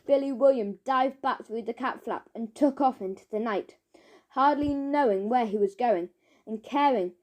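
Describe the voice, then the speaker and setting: A woman narrating a children's audiobook, chanting its rhymes with lively rhythm. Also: fairly high pitch.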